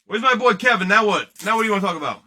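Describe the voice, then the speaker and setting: A man in his thirties hosts a live card break, joking and rambling loosely with his viewers. His voice sits a little high with a bright edge. It swings widely in pitch as he talks. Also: lively intonation, very fast. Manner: joking, rambling, banters with chat.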